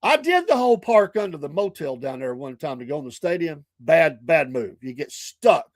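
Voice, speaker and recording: A man's voice: a little high, big pitch swings, normal speed, dry recording. A middle-aged man, hosting a morning show and telling rambling, chatty stories full of asides and self-corrections. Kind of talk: casual storytelling.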